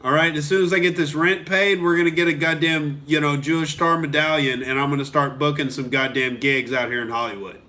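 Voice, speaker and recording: A man's voice: fairly high pitch, fairly even intonation, brisk, hardly any pauses, sharp tone. A young male comedian from Oklahoma ranting on a live stream, heated and profane, reading out and answering viewer comments.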